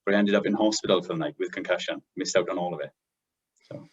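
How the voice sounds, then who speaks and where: A man's voice: low-pitched, quick pace, husky, muffled recording. A man co-hosting a podcast, telling stories and jokes in a chatty way and laughing at his own punchlines. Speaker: podcast co-host.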